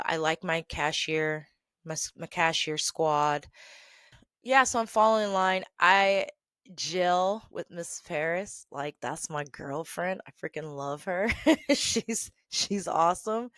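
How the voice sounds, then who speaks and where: Sassy storytelling woman, low dry voice. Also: takes it slowly, clear, resonant tone, no echo. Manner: animated, sassy, big swings in loudness. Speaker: storytelling host. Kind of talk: casual storytime monologue.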